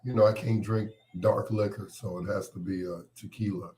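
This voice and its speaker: A man's voice: fairly low pitch, fairly even intonation, moderate pace, mellow. A man hosting a late-night radio show with a cold, chatting and joking with listeners by name. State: has a cold, congested voice. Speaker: radio host.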